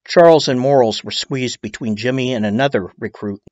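A man's voice: mid-range voice, brisk, a little mellow, dry recording, dull audio. A man narrating a true-crime documentary in a casual storytelling way, dropping in blunt, swearing asides.

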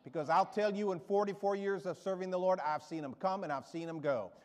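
Older guy preaching loud and fired up, a bit high-pitched, long church-hall echo. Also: fairly quick. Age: 70s. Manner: rousing, emphatic, storytelling with asides. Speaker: guest preacher. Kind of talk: sermon. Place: church sanctuary.

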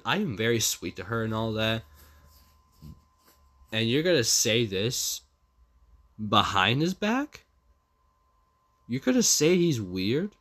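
Reading text messages aloud in a casual vlog, this young man has a fairly low, somewhat bright voice. He rambles and repeats himself, often restarting with hesitation as he goes through the messages.

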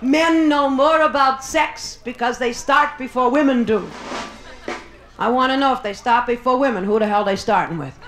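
A woman's voice: high voice, moderate pace, noisy background. A woman doing bawdy live stand-up comedy in a Las Vegas showroom, teasing the audience with brassy banter. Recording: roomy live club recording, loud crowd.

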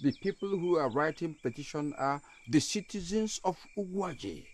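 An actor playing a self-important community lawyer, pompous and sarcastic. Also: male voice, fairly high pitch, expressive, normal speed.

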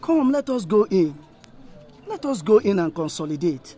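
An actor with a Nigerian accent playing a persistent suitor who flatters and wheedles. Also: male voice, high-pitched, moderate pace, husky, soft background music, exaggerated voice. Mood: wheedling. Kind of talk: film dialogue.

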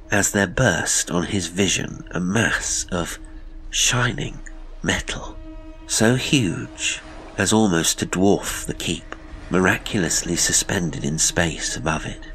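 A man narrating a classic horror story in a measured, dramatic way. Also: low-pitched, a bit bright. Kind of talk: scripted audiobook narration.

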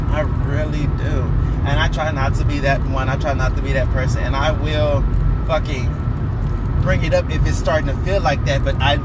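A man venting in an angry, profane rant, repeating lines for emphasis. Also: high voice. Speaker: vlogger. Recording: noisy outdoor street recording.

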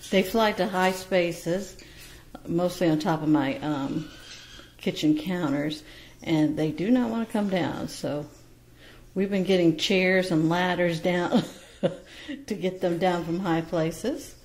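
A woman who breeds parrots, talking casually at home to viewers and cooing to her baby birds in a sing-song voice with soft laughs. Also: on the low side, slow. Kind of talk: casual chat to camera and baby-talk to birds.

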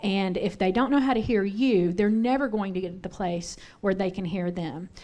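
A woman's voice: medium pitch, moderate pace, darkish tone. Middle-aged woman, church speaker, candid storyteller, conversational sermon, asks the room questions. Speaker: pastor's wife teaching on parenting. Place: church sanctuary.

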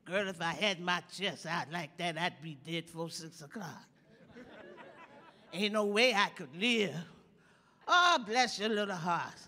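A woman's voice: on the low side, lively intonation, unhurried, sharp tone, exaggerated voice. An actress playing a bawdy older woman comedian, telling teasing stories in a live stage comedy monologue. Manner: bawdy, teasing, drawls and chuckles through punchlines. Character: sassy old woman comedian, bawdy storyteller. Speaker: stand-up comic in a stage play. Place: large theater stage with audience. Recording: long reverb of a large hall.

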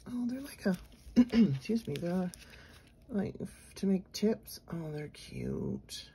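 A woman vlogger narrating a casual unboxing at her desk, chatty and gushing, murmuring asides softly. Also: mid-range voice, huge pitch swings, slow, a little hiss or hum. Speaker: nail art vlogger. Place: home nail studio desk.

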